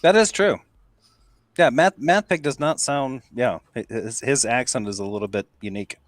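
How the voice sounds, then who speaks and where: A man chatting as a guest on a live stream, musing in a halting way. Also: mid-range voice, no room sound. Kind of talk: casual live-stream chat.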